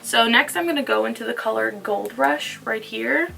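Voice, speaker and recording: A young woman chatting casually through a makeup tutorial, playful and sometimes dropping to soft murmurs. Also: on the high side, moderate pace, vocal fry, music in the background. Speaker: beauty vlogger.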